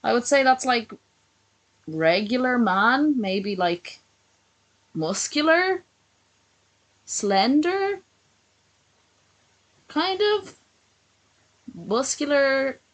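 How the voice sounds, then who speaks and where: Sarcastic, foul-mouthed woman streamer, lively pitch. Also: very slow, pauses often, rough recording. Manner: sarcastic and swears constantly. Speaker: streamer reacting to a video. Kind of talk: casual profane live-stream commentary.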